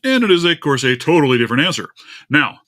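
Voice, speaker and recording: Fast-talking and sing-song, a livestream host with a slightly high, pushed, bright voice chats casually and grumbles over his broken screen share. Between complaints about the tech trouble, he talks to his cat.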